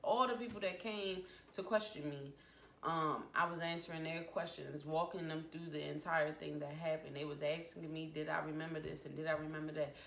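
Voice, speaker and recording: Woman, 20s, vlogger, emotional storytime with acted quotes; lowish voice, roomy echo. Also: fairly even intonation, a little fast, vocal fry, a bit bright. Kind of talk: personal storytime vlog. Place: home room. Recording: echoey room with faint background noise. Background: family noise from downstairs.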